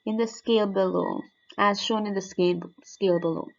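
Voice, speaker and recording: A woman's voice: medium pitch, fairly even intonation, fairly quick, vocal fry. A woman teaching, walking students step by step through a French oral exam mark scheme and repeating the key points. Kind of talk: exam guide lesson. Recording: dull lo-fi sound.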